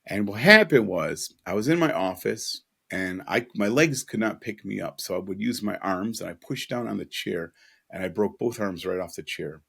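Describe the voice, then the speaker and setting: A man's voice: fairly low pitch, normal speed, vocal fry, bright, forceful tone, breathy edge. A man telling an earnest, emotional personal story as a podcast guest, with casual asides.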